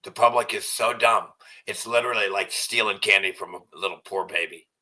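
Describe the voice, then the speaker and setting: Through a distant mic and poor audio, a vlogger with a lowish voice talks briskly and casually to camera. He rambles, swears, repeats himself, and now and then uses soft cooing baby talk with his dog.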